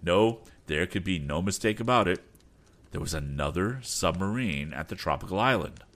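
Male audiobook narrator, very low voice, lively expressive reading, soft music bed. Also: normal speed. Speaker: audiobook narrator and podcast host. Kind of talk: storybook narration. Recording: faint background music.

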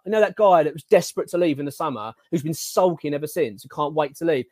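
A man's voice: fairly high pitch, fast talker, no echo, studio quality. A man, hosting a casual football podcast and ranting animatedly, stumbling over his words. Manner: animated, ranting, filler-heavy. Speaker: podcast host.

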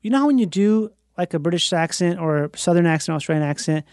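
A man's voice: a little high, fast talker, a little mellow, no room sound, clean studio sound. An American man in casual, playful chat, slipping into voices. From United States.

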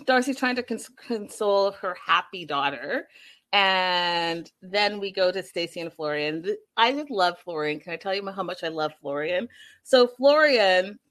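Bright chatty woman recapping a show. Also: fairly low pitch, moderate pace. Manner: animated, talks straight to viewers.

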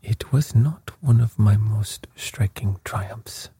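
A man's voice: fairly low pitch, slow pace, dark tone, slightly rough, no echo, exaggerated voice. A man whispering the part of a fussy older male detective with a French accent, precise and faintly pompous, as whispered role-play.

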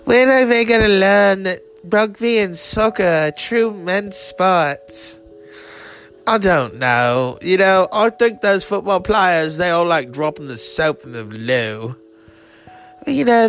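A man's voice: high voice, big pitch swings, slow pace, a bit bright, soft background music, heavily acted. A man voicing a snooty British man with a British accent, haughty and mocking.

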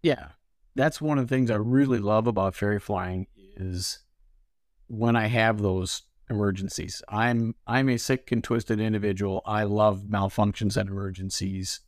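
Man, animated storyteller, dry close mic. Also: lowish voice, unhurried, dry recording. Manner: animated, laughing storyteller who acts out dialogue. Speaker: ferry pilot guest. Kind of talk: storytelling interview.

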